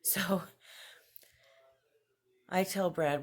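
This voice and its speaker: A young woman chatting casually in a home video journal, laughing between phrases and getting animated when she quotes herself. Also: extremely low pitch, a little slow. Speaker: vlogger. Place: at home with her cat nearby.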